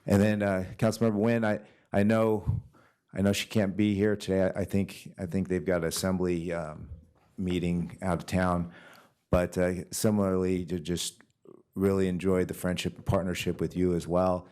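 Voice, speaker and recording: A man on a city council giving friendly, halting farewell remarks with light jokes, speaking into a dais microphone in the council chamber. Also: deep voice, flat delivery, a little mellow, clear, resonant tone.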